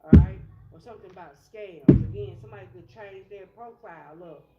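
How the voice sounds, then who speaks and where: A woman's voice: medium pitch, fairly quick, highs cut off. A woman doing a casual tarot reading in a blunt, profane, streetwise way. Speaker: tarot reader. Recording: echoey room with loud music.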